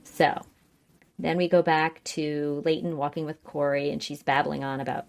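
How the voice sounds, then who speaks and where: A low, gravelly-voiced woman talks through a TV episode in a casual podcast chat. She keeps the story moving, slipping into short, animated impressions of each character. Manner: animated retelling, acts out characters' lines in quick voices. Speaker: podcast co-host recapping a TV episode.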